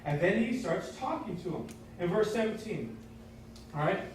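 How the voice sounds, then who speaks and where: A man with a fairly high voice preaches a sermon in a loose, conversational way and keeps asking the congregation questions. He sounds set back from the mic, and his voice rings through a very echoey church hall with faint room noise underneath. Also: expressive, moderate pace, distant mic. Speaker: pastor. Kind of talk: casual sermon. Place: church sanctuary.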